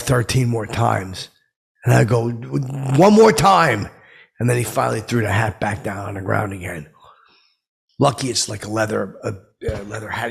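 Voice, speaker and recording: A man doing a gravelly, huffy middle-aged grump. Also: fairly low pitch, full character voice. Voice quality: gravelly, husky. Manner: rambling, indignant, self-serious storytelling. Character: touchy self-important middle-aged man, easily offended. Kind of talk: comic character monologue.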